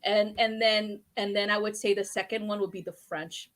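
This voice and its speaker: A woman's voice: medium pitch, level tone, moderate pace, a bit bright. A woman guest in a casual podcast chat, telling stories animatedly, laughing a lot and swearing freely.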